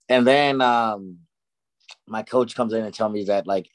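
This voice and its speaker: A man's voice: lowish voice, unhurried, low-quality recording. A young man who fights, chatting casually and laid-back, saying "bro" and "dude" a lot. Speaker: fighter, podcast co-host. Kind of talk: casual chat.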